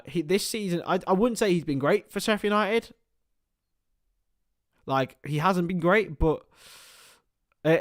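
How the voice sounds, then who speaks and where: A man's voice: mid-range voice, dry recording, studio quality. A young man hosting a live football watchalong, commenting on the match, swearing casually and chatting to his viewers.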